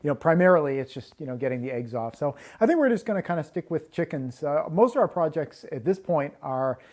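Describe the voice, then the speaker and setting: A man's voice: a little high, animated, fast talker, darkish tone. A man who is a homesteading guest, explaining his projects in an easygoing, casual interview. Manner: easygoing, explanatory, many fillers.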